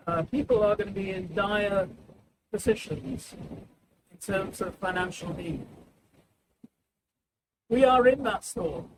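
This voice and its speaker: A man preaching a sermon in a high, lively voice that climbs and falls, acting out the people of the story. He takes his time, and his voice has a gravelly edge. The recording carries clear leftover noise from heavy filtering. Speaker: pastor. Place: church service, sound reduced. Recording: background noise, wind filtered out.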